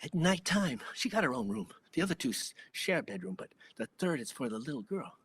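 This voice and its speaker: An older man with a Hawaiian Pidgin accent, telling a first-person story in an animated, conversational way. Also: mid-range voice, fairly quick, breathy edge. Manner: animated, conversational, dramatic swings in loudness.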